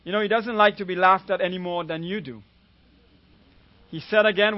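A man's voice: sits high, fairly even intonation, moderate pace, long pauses, no echo, muffled recording. A man preaching a sermon as a guest preacher, retelling a story and often asking the congregation "amen?".

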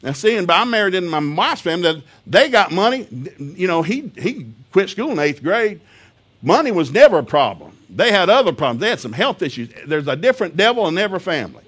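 A man's voice: high-pitched, very animated, fairly quick, a bit bright, breathy edge. A middle-aged man preaching a folksy, humorous sermon, telling family stories and laughing often.

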